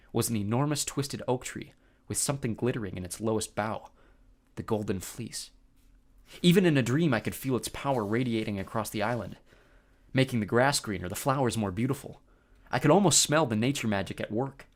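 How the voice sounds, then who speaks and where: A man narrating a first-person audiobook with expressive storytelling. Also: fairly low pitch, brisk.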